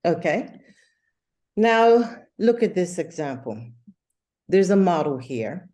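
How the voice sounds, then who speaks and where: A woman teaching an English lesson over a video call, explaining slowly and patiently with many fillers. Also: lowish voice, big pitch swings, warm tone.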